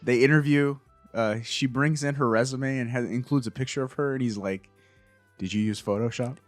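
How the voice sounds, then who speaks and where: A man's voice: medium pitch, fairly quick, no room sound, faint music behind. A man co-hosting a podcast, casually recapping a TV episode, saying "like" often and acting out quotes. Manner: retells scenes with filler likes and acted quotes. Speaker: podcast co-host.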